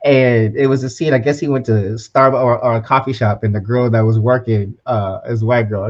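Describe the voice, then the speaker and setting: A podcast co-host speaks in an upbeat, preachy tone during casual motivational chat, frequently adding "right?" and "you know what I'm saying" to his points. His mid-range voice is steady at normal speed, with the highs cut off.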